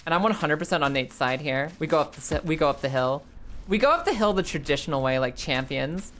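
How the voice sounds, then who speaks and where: A young woman streaming a game, chatting in a rambling, animated and profane way. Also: low-pitched, quick pace, a little hiss or hum. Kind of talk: casual live game stream chat.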